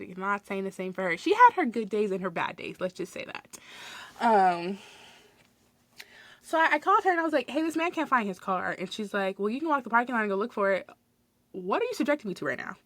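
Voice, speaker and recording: A young woman hosting a podcast, telling a work story in a casual, animated way, full of fillers and acted-out quotes. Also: mid-range voice, no room sound. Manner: animated, swears, many "like" fillers, acts out quotes. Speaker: podcast host.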